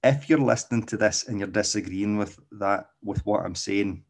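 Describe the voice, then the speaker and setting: A man's voice: on the low side, normal speed, creaky. A man hosting a podcast as a dog trainer, explaining casually and tagging nearly every point with "okay?", with frequent restarts.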